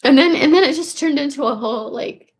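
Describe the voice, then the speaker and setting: A woman in her fifties with a gravelly voice, telling a personal story in a rambling, profane way, full of restarts and repeated words. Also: sits high, brisk. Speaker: vlogger. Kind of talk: casual confessional storytelling.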